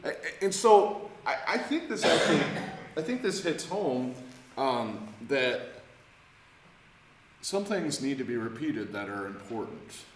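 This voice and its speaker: A man's voice: mid-range voice, sing-song, a little slow, noisy background. A man leading an informal Bible study, talking conversationally with many restarts and questions to the group. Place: church room. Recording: echoey church room, faint ambience.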